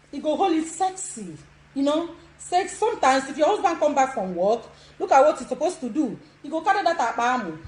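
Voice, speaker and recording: A woman's voice: high-pitched, darkish tone. A woman in her sixties with a Nigerian accent, giving bold instructions on a live video with frequent laughs. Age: 60s. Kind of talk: social media live demonstration. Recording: echoey room.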